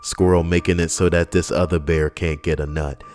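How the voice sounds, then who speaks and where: Deadpan low-voiced man reading jokes. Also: moderate pace, soft background music. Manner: deadpan and sardonic, swearing. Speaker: comedy YouTuber reading jokes. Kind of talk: casual comic joke reading.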